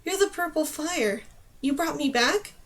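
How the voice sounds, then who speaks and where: A woman's voice: high-pitched, animated, measured pace, a bit bright. A woman voicing a stubborn young girl in an audiobook, speaking plainly and bluntly.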